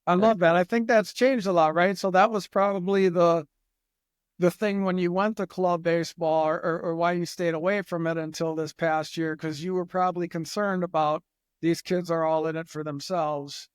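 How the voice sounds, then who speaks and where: A man's voice: sits high, fairly even intonation, moderate pace, clean tone, dry recording, studio quality. A man hosting a podcast, asking questions with eager enthusiasm. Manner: enthusiastic, thinking aloud in questions. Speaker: podcast host. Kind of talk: casual interview chat.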